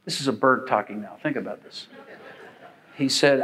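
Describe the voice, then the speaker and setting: A man's voice: mid-range voice, moderate pace, long pauses, a bit bright, low-quality recording. Folksy older male pastor preaching. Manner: folksy, rambling, with frequent fillers. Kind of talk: sermon.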